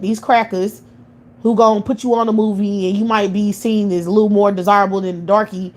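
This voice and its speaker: A woman's voice: medium pitch, fairly even intonation, brisk. A woman from the United States hosting a livestream and delivering a blunt, heated, profane monologue rant that circles back on itself. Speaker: livestream commentator.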